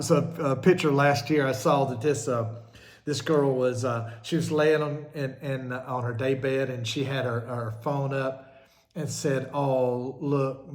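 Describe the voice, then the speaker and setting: A middle-aged man who is a minister, talking casually in a rambling, jokey monologue that keeps getting sidetracked and is full of fillers. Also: mid-range voice. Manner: chatty, jokey, easily sidetracked, many fillers. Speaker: minister hosting a show.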